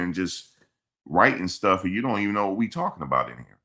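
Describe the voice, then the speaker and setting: A man's voice: deep voice, sing-song, brisk, pushed and bright. A man hosting a casual live stream, reading chat comments and answering them in a blunt, repetitive, scolding way. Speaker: livestream host reading chat. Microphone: streaming mic.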